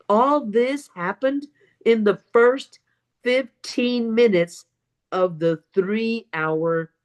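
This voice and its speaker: A woman's voice: mid-range voice, darkish tone. A woman telling a dramatic personal story as a speech at a public speaking club. She acts out other people's lines and repeats words for emphasis. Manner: emphatic, with deliberate pauses and repetition.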